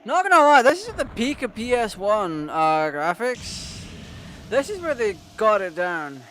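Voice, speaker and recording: A man's voice: high voice, very animated, unhurried, a bit bright, a little hiss or hum. A Scottish man giving casual, sarcastic, profane let's-play commentary on a retro game. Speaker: gaming YouTuber.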